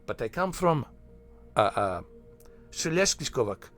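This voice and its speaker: A man's voice: medium pitch, very animated, a little slow, a bit bright, faint music behind. A man putting on a to play a boastful comic foreigner with broken English. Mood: mocking. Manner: mock-proud, broken English.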